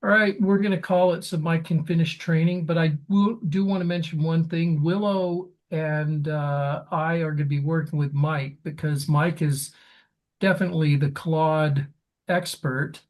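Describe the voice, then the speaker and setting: A man co-hosting a webinar, talking in a relaxed, plain-spoken way over a video call. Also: fairly high pitch, measured pace. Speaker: co-host. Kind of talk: casual webinar talk.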